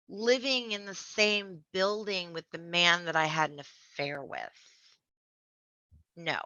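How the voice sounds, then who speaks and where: A woman with a bright, forceful voice pitched a little low tells her story as a podcast guest, animated and acting out the people in it. The sound is dull and lo-fi. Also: a little slow, dry recording. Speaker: podcast guest, memoir author. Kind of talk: casual storytelling interview.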